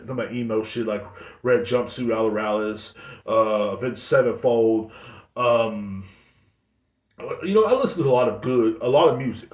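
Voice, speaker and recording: A man in his thirties hosting a podcast, rambling bluntly in casual monologue and swearing freely. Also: medium pitch. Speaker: podcast host. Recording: echoey room.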